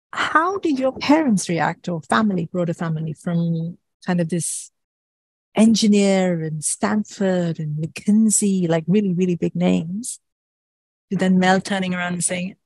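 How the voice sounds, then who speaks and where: A woman's voice: lowish voice, darkish tone, no room sound, low-quality recording. A woman hosting a podcast interview, reacting effusively and asking questions. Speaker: podcast host.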